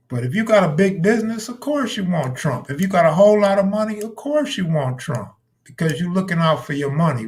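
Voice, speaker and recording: A man's voice: fairly high pitch, darkish tone. Blunt, profane man riffing on a live stream. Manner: blunt, profane, talks back to chat viewers. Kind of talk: casual live stream commentary.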